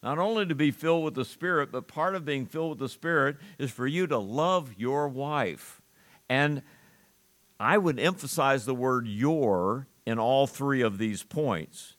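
A male preacher delivering a sermon at an unhurried, measured pace. He lands his points with earnest emphasis, pausing and restarting as he goes, and his voice sits in an ordinary middle register. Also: medium pitch, a bit bright. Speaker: pastor.

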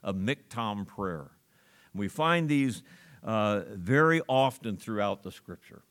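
Man preaching, scripture read with slow emphasis. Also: fairly low pitch, expressive, a bit bright. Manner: reads scripture aloud with slow emphatic stress, then explains conversationally. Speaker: pastor. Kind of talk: sermon.

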